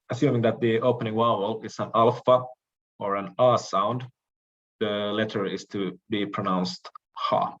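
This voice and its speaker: A man with a somewhat low voice gives a lecture at a slow, unhurried pace. He explains step by step, pausing often and restarting phrases. The recording is dull and lo-fi. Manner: measured, explanatory, frequent "uh" pauses and restarts. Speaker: language lecturer.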